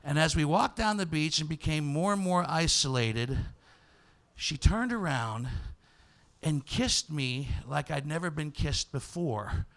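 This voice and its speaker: A man hosting a comedy show, telling a self-mocking story on stage and breaking into loud, excited impressions of his younger self. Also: a little high, measured pace. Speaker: comedian host. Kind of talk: stand-up storytelling monologue. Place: on stage before a live audience.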